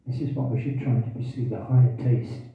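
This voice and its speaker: A man's voice: medium pitch, steady tone, fairly quick. A man giving a scripture class, quizzing the audience and repeating key phrases, with hiccups. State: has hiccups. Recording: tinny, distant, echoey room recording.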